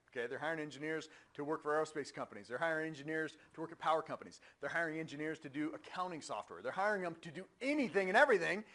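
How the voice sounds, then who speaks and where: A man lecturing a university engineering class in a lecture hall, talking in a conversational, energetic way and putting questions to the students. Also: fairly high pitch.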